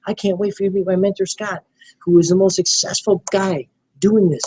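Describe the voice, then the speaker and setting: A man training a small group in network marketing, animated and coaching, often acting out sales dialogue. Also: sits high, brisk, slight background noise, rough recording.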